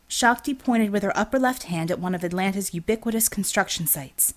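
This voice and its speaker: A woman reading an action novel aloud as audiobook narrator, steady and expressive. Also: mid-range voice, fairly quick, hardly any pauses. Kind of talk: scripted narration.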